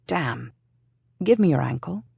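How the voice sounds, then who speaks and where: A man's voice: on the high side, lively intonation, measured pace, creaky, a little mellow, slightly rough, dry recording, full character voice. A reader voicing a stern, scolding nobleman. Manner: tight, scolding. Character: stern sensible nobleman posing as peasant.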